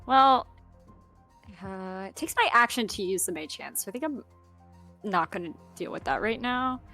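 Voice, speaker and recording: A woman playing a tabletop game, speaking in a giggly, expressive way. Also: mid-range voice, moderate pace, faint music behind. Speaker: player. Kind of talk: casual tabletop play.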